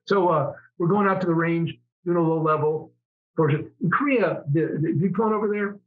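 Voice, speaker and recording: A middle-aged man tells stories in a relaxed interview, stumbling over restarts as he goes. His voice sits a little high for a man. The audio is dull and lo-fi. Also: brisk. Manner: chatty, rambling, many restarts. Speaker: interview guest, former fighter pilot. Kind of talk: casual storytelling interview.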